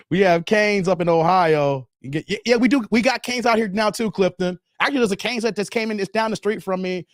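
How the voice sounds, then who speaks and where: A man hosting a casual livestream chat, talking in an animated, slangy, rambling way and laughing often. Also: high voice, a little fast, dry recording, clean studio sound. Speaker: show host.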